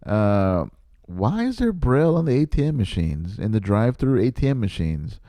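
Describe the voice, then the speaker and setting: A man's voice: fairly low pitch, sing-song, normal speed, dark tone, no echo. A man voicing a cocky blind male heckler who jokes in a smug stand-up manner. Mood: smug, joking.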